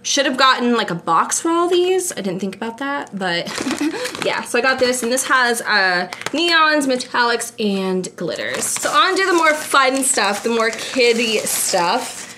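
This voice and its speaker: Putting away groceries at home, a woman films a vlog on a handheld camera against a noisy background. Her fairly high voice is very animated at a measured pace, and she giggles and rambles casually, saying "like" and "I don't know" a lot.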